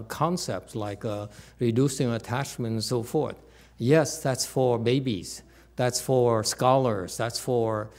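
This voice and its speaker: A man as a Buddhist teacher giving a dharma talk, rhetorical and animated, with many fillers and restarts. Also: medium pitch.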